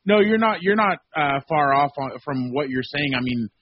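Husky man on a dull guest line. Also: fairly high pitch, moderate pace, no room sound. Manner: rambling and animated, with many fillers and restarts. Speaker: sports beat reporter and radio guest. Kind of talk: phone-in radio interview.

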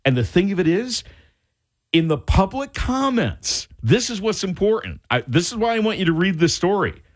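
A male radio talk show host giving his indignant opinions in an animated way. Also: on the high side. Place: radio studio.

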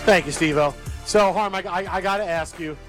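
A man's voice: high-pitched, brisk, music in the background. A male radio host in the studio, teasing his co-host in casual sports banter and repeating himself playfully.

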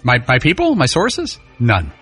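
Deadpan husky male co-host. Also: medium pitch, unhurried, faint music behind. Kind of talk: casual sports talk.

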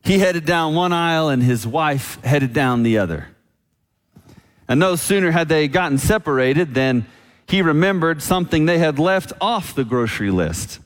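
A man preaching a sermon as pastor, telling a story and slowing down on key lines. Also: fairly high pitch, animated. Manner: storytelling, slows down for emphasis. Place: church sanctuary. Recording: long church reverb.

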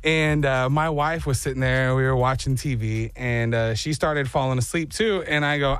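A man's voice: medium pitch, moderate pace, hardly any pauses, fairly bright tone, clear, resonant tone, no echo, faint music behind. A young man casually telling a long, self-mocking story as a podcast co-host, slipping now and then into put-on accents.

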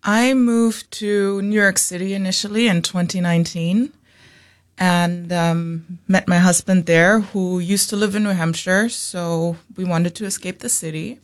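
A woman's voice: on the low side, fairly even intonation, unhurried. German woman, friendly radio guest. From Mannheim, Germany. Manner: friendly and polite, fluent English. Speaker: guest, meetup co-organizer. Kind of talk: radio interview.

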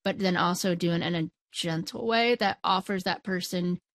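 A podcast co-host with a fairly bright voice on the low side speaks at a normal speed in a dry recording. She keeps the conversational discussion going by asking questions, responding with engaged interest and laughing lightly.

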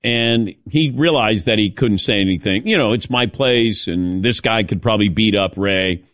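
A middle-aged man hosting a radio talk show, telling an animated story and calling on his cohosts. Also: on the low side, moderate pace, no echo, studio quality. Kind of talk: casual studio chat.

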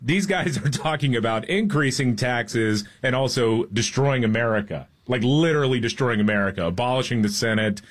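A man co-hosting a political talk show, giving animated, emphatic, mocking commentary. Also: mid-range voice, moderate pace, hardly any pauses. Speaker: co-host.

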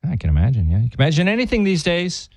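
A man's voice: on the high side, huge pitch swings, rapid-fire, vocal fry, a little mellow, dry recording. A man with a Massachusetts accent in casual chat, rambling and laughing often, breaking off his own sentences.

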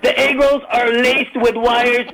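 Chicago guy calling in, super high voice for a dude, rattles off ten topics at once. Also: level tone, creaky, bright, forceful tone, poor audio. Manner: rapid, rambling, jumps between topics. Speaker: caller. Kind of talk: call-in chat.

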